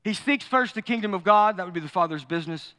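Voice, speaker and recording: A man preaching a sermon as pastor, animated and joking, acting out quotes and asides. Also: high voice, fast. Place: large church sanctuary. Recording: long hall reverb.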